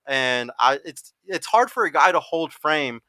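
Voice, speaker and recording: A man's voice: a little high, animated, pushed and bright, no room sound. A young man hosting a podcast panel, talking bluntly and swearing freely in casual chat. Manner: blunt, profane, fast-talking. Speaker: podcast host.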